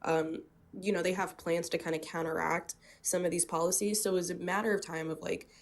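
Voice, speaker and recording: A woman's voice: fairly low pitch, flat delivery. Young woman speaking with fervent urgency. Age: 20s. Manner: fervent, rapid, self-interrupting. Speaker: caller. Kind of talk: casual political discussion.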